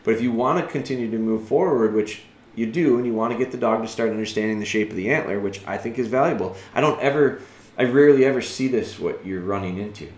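A man giving patient, earnest dog-training advice as a podcast host, thinking aloud and dropping soft and slow when he models calm commands. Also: mid-range voice, roomy sound. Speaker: dog trainer answering a listener.

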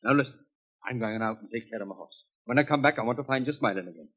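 An actor playing a boastful, roguish outlaw in an old-time radio drama, with a husky, boisterous voice. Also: male voice, medium pitch, racing, fairly bright tone. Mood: stern. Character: boastful roguish Scottish outlaw, laughing and swaggering.

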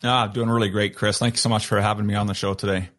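A man's voice: lowish voice, level tone, very fast. A middle-aged man from Canada with a French-Canadian accent, earnestly telling his story as an interview guest. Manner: earnest, warm storytelling with many fillers. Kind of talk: interview conversation.

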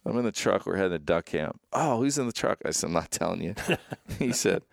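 A man's voice: low-pitched, lively intonation, brisk, creaky, no room sound, studio quality. A man hosting a casual interview, telling a rambling story with lots of restarts. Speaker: podcast host.

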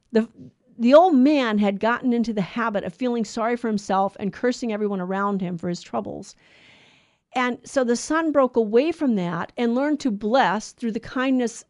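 A woman telling a moral story in a casual, animated way, acting out the characters' lines. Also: on the high side, no echo, clean studio sound. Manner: animated, acts out the lines, many restarts.

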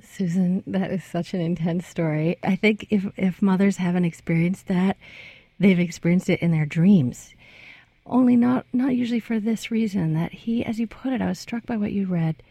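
A woman hosting a radio interview, introducing her guest and asking calm, thoughtful questions. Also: fairly low pitch, dry recording. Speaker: radio show host.

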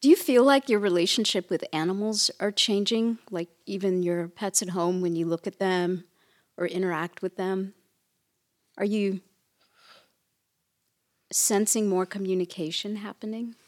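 A woman co-hosting a podcast, chatting excitedly, laughing, and asking lots of questions. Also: medium pitch, measured pace, pauses often. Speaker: podcast co-host, medium. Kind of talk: casual chat.

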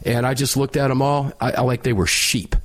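A middle-aged man hosting a talk radio show, telling a story loudly and emphatically with a sinus infection. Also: mid-range voice, a little fast.

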